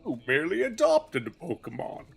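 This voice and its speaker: A man doing a rough impression of a menacing, grandiose masked male movie villain, with slow theatrical declarations. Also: on the high side, wildly swooping pitch, faint music behind, voice pushed up, exaggerated voice. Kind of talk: mock impression during a game stream.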